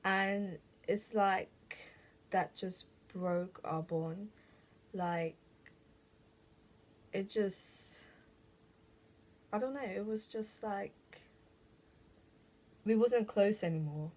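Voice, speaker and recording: A young woman talks slowly through a personal story, pausing and restarting often. Her voice is mid-pitched and unhurried, a casual vlog told straight to camera. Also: a little mellow. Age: young adult. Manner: slow, halting, full of "like" and restarts. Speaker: vlogger.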